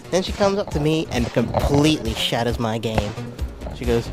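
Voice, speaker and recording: A man's voice: medium pitch, normal speed. A young man doing a self-deprecating stand-up routine on stage at a ball, telling stories and slipping into voices. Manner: self-deprecating, animated storytelling with acted-out voices. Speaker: stand-up comedian. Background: music.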